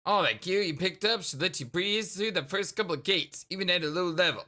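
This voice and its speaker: A man voicing an older, cool, ironic teenage boy turned sprite, talking in a laid-back deadpan way with a slightly deeper voice. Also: a little fast.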